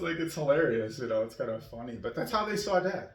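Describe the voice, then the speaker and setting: Gravelly guy rambling on, lots of you knows, kinda far from the mic in an echoey room. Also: mid-range voice, animated, moderate pace. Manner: rambling, chuckles often, many "you know"s. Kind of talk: casual monologue.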